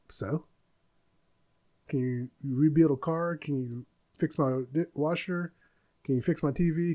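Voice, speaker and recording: A man's voice: mid-range voice, warm tone. A man in his forties hosting a podcast, venting bluntly in a casual monologue. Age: 40s. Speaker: podcast host.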